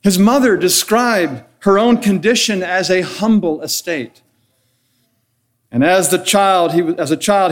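Earnest man preaching a sermon. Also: high voice. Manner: earnest, measured preaching with rhetorical questions and enumerated points. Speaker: pastor.

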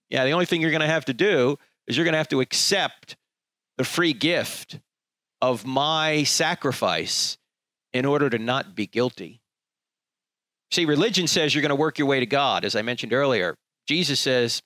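A man's voice: mid-range voice, animated, brisk, bright, forceful tone, no room sound. A man preaching a sermon in an emphatic, rhetorical way, acting out the people he quotes.

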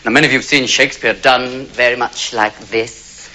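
An actor playing an earnest teacher who recites poetry in a declamatory way. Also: male voice, mid-range voice, steady tone, normal speed, pushed and bright, poor audio. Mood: playful.

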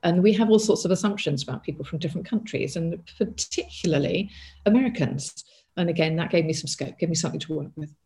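A woman's voice: fairly low pitch, quick pace, mellow. A middle-aged woman, a crime author, answering interview questions in a thoughtful way with many restarts and asides.

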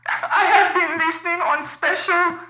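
A woman voicing a small-town wife with a Russian accent who speaks halting, broken English in a slow, dramatic way. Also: very high-pitched, steady tone, pushed and bright, roomy sound, heavily acted, rough recording. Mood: deadpan. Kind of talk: improvised comedy call-in.

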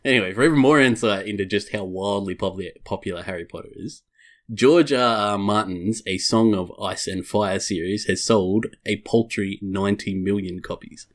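A man with a fairly low voice carries a podcast segment, reading prepared notes in a casual, wry way. He breaks off for dry jokes and drops the odd swear word. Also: moderate pace. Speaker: podcast host.

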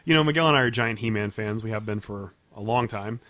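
A man's voice: on the low side, fast, fairly bright tone, no room sound. A man co-hosting a casual podcast, telling stories and laughing often. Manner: chatty storyteller, laughs often. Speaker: podcast co-host. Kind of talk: casual chat.

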